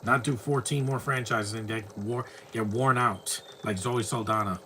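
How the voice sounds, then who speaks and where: A man talking over a film with a bright, forceful voice, rambling from one opinionated aside to the next. His casual commentary turns into rants, with a faint hiss underneath. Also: fairly low pitch, steady tone, moderate pace.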